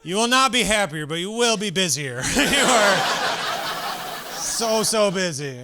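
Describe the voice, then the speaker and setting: A man in his thirties doing a stand-up comedy set on a club stage, animated and breaking into shouted acted-out bits. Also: sits high, unhurried, heavy background noise. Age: 30s.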